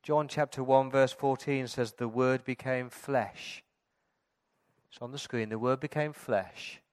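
A pastor with a medium-pitched voice delivers a Christmas sermon. He tells stories and builds up to loud, emphatic preaching.

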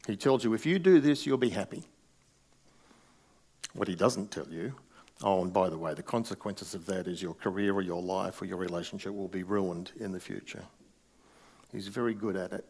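A middle-aged man preaches a sermon from the pulpit in an easy, conversational way. His voice sits on the low side, and he slips in wry asides between points. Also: gravelly. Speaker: pastor.

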